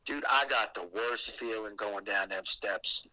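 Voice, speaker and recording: A man telling a creepy personal story on a podcast in a casual, animated way, swearing often. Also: on the low side, measured pace, no room sound, rough recording. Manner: animated and heavily profane, with acted asides. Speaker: guest telling a ghost story.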